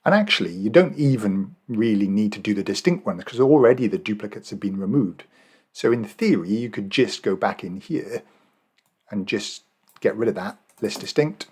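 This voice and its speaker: A man's voice: on the low side, lively intonation, normal speed, a little mellow, slightly rough. An Australian man walking viewers through a spreadsheet task in a casual screen-recorded tutorial, thinking aloud with fillers and self-corrections. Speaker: Excel and Power BI trainer.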